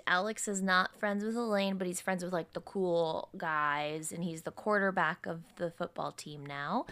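A woman's voice: mid-range voice, fairly bright tone, clear, resonant tone. A woman co-hosting a podcast, chatting casually and laughing as she recounts a movie's plot. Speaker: podcast co-host. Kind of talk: casual movie recap chat.

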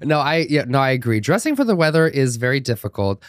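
A man co-hosting a casual podcast, telling stories in an animated, dramatic and sassy way. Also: mid-range voice, fast talker, no echo, clean studio sound. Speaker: podcast co-host.

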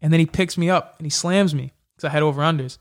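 A young man with a fairly high voice talks fast; he's a mixed martial arts fighter appearing as a guest in a casual interview. He tells fight stories animatedly, acting out the quoted exchanges.

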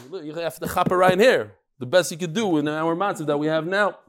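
A man teaching a live daily Talmud class, talking quickly and animatedly, with frequent restarts and Hebrew terms. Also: a little high.

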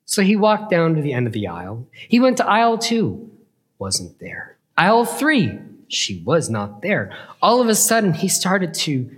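A man telling a playful story as a children's Bible lesson, with a lively, chuckling delivery. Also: fairly high pitch, unhurried, slightly rough.

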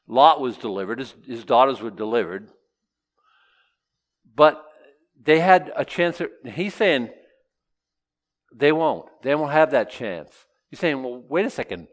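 A man's voice: fairly high pitch, fairly bright tone. A man preaching a casual, humorous sermon, stopping to joke and voice imagined objections. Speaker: pastor. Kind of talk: sermon with verse-by-verse teaching.

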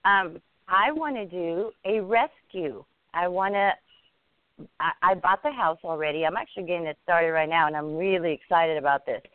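A woman's voice: fairly low pitch, clear, resonant tone, no echo. Earnest woman guest on a dry phone line. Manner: earnest, upbeat, halting with restarts. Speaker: podcast guest. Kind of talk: casual interview. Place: home.

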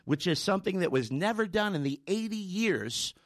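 His voice sits high with lively intonation at a normal speed. Hosting a talk show, he thanks his guest and relates an anecdote conversationally, repeating words often.

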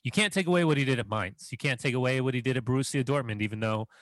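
A laid-back man co-hosts a football chat show with easy, agreeable banter and often repeats himself mid-sentence. His voice sits at an ordinary middle pitch, recorded dry and close. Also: racing, no room sound. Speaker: podcast co-host. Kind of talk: casual chat.

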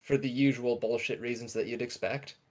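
A man's voice: mid-range voice, steady tone, normal speed, darkish tone. A young man co-hosting a podcast in casual chat, enthusiastic and often correcting himself mid-sentence. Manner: rambling, self-correcting, enthusiastic. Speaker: podcast co-host.

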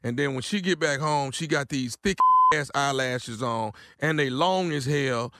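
A man's voice: mid-range voice, measured pace, sharp tone, dry recording, studio quality. A man calling in angrily, blustering and repeating the same complaint over and over. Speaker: angry caller. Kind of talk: ranting phone call.

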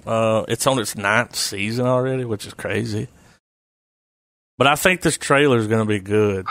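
A man's voice: lowish voice, moderate pace, fairly bright tone, no echo. Rambling podcast host man, dry mic. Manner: loose, rambling, swears. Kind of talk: casual chat.

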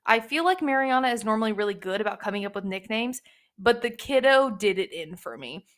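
A woman's voice: on the high side, animated, brisk, a bit bright. A woman hosting a book podcast, chatting casually and gushing, with lots of fillers. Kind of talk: casual book review chat.

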